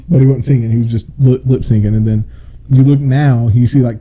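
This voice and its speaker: Goofy, rambling podcast guy with a husky voice. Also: medium pitch, steady tone, fairly quick, mellow, muffled recording. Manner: laughs often, goofy and rambling, stumbles over words. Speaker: podcast co-host. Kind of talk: casual chat.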